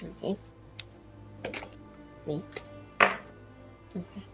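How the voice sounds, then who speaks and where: A woman player in a tabletop game chatting casually, excitable and blurting out reactions. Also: fairly low pitch, drawn-out words, gravelly, over loud music.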